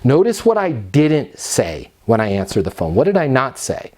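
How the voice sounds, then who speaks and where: A middle-aged man giving an energetic, emphatic sales training talk, sometimes acting out both sides of phone calls. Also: medium pitch, moderate pace. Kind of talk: instructional talk with role-played phone calls.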